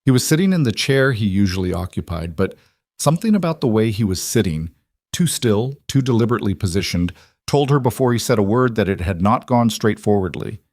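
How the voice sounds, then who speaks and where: A man reads a scripted story aloud in a calm, even manner. His voice sits low. The recording is dry and close, with no room sound. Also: a little fast, dry recording. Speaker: narrator. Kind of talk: scripted audiobook narration.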